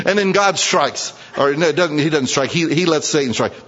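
A man preaching a sermon, animated, acting out prayers and swinging his voice up high when he voices them. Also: fairly quick, few pauses. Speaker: pastor. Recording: muffled, with long hall reverb.

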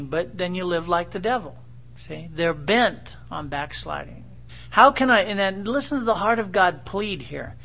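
High, gravelly-voiced preacher man. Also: unhurried, pushed and bright. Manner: reads scripture aloud with rising, pleading emphasis. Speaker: pastor. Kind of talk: expository sermon.

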